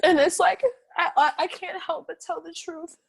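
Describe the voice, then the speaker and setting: A young woman recounts her life in an oral history interview. Her voice sits high and lively, and she laughs often while it catches with emotion. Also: moderate pace, vocal fry. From North Carolina, USA. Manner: animated, laughing, voice breaking with emotion. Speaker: interviewee, street artist.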